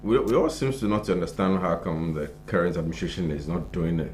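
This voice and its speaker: A man's voice: sits low, brisk, a little mellow, soft background music. A Ghanaian man co-hosting a morning show, reading headlines aloud and then commenting on them in casual chat. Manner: conversational, reads headlines then adds loose comment. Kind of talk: casual news review chat. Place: broadcast studio.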